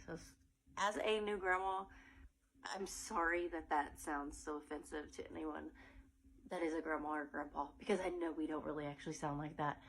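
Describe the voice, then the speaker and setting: Woman teacher, low voice. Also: steady tone, normal speed, fairly bright tone, slight background noise, low-quality recording. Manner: playful, changes her voice for silly sung characters. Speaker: preschool teacher. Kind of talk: teaching demonstration with singing.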